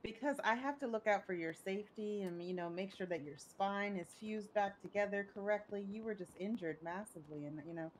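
A woman in a game role-play as a hospital doctor, speaking calmly, politely and patiently. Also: mid-range voice, fairly quick, hardly any pauses, slight background noise, poor audio. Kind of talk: calm in-character role-play.

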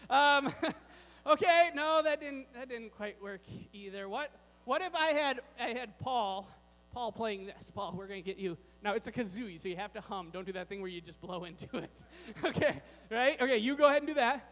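A man whose voice is very high runs a playful children's sermon, cracking jokes for kids and adults. The big sanctuary gives his voice a long, ringing reverb, with a faint mains hum underneath. He keeps a moderate pace and a fairly bright tone.

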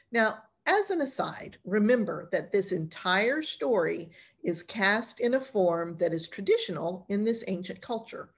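A woman's voice: mid-range voice, expressive, unhurried, hardly any pauses, slightly rough. A woman pastor teaching an informal Bible class, retelling stories in a chatty, colloquial way.

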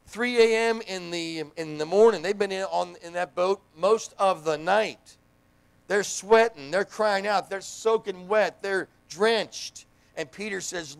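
A middle-aged preacher man with a gravelly, somewhat high voice delivers a lively church sermon. He jumps into the voices of the people he quotes, mixing personal stories with scripture. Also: measured pace. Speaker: pastor and hospital chaplain. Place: church sanctuary.

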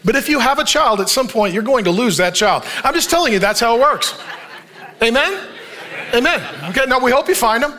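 A lively male pastor preaching in a church, and his voice sits high and sounds bright. He reads scripture and jokes with the congregation, breaking into quick voices for the people in the story. He sounds middle-aged. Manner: animated, jokey, acts out voices in the story. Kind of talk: sermon.

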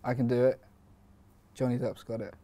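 A man playing a deadpan, self-assured acting coach in a comedy sketch, talking in short clipped lines. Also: medium pitch, moderate pace.

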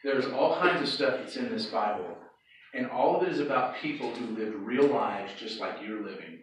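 A youth pastor delivers a sermon to a youth group in a church hall or sanctuary, keeping it loose and conversational and frequently pausing to ask "okay?". His medium-pitched voice is animated at a moderate pace. The echoey hall, the distant mic and slight background noise are all audible.

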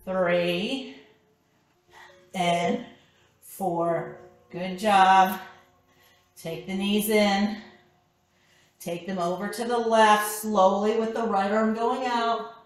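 A woman's voice: mid-range voice, steady tone, extremely slow, long pauses, far from the mic. A woman instructor leading a core workout class, counting reps and calling out short cues. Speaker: fitness instructor. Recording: echoey room with background music.

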